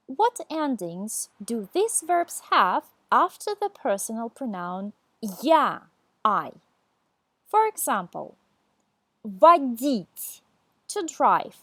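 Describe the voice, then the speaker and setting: Woman, language teacher, scripted lesson read slowly, fairly high and expressive, dry studio sound. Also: no room sound. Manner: deliberate, enunciating each word for learners.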